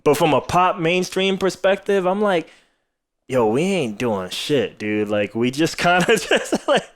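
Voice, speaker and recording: A man's voice: on the high side, expressive, a little slow. A tired man hosting a podcast, talking casually with lots of fillers and frequent laughter. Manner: laughs often, rambling with many fillers. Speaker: podcast host. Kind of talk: casual chat.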